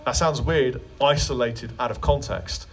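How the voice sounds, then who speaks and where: A man's voice: mid-range voice, measured pace, far from the mic. A man leading a guitar clinic in a music store, answering questions in a chatty, joking way. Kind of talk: live clinic Q&A storytelling.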